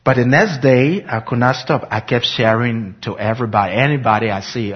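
A man's voice: medium pitch, a little fast, few pauses, slightly rough. A man telling his personal faith testimony in an earnest, reflective way, on a muffled lo-fi recording. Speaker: speaker giving a personal testimony.

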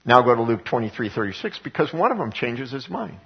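A man's voice: mid-range voice, big pitch swings, fairly quick, gravelly, husky, muffled recording. A male pastor preaching a conversational sermon to his congregation, full of rhetorical questions. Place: church sanctuary before a congregation.

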